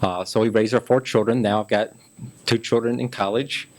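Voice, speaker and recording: A man's voice: fairly low pitch, fairly even intonation, moderate pace, a little mellow. Folksy chatty man in his fifties. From Memphis, Tennessee. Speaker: city council candidate. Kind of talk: casual interview chat.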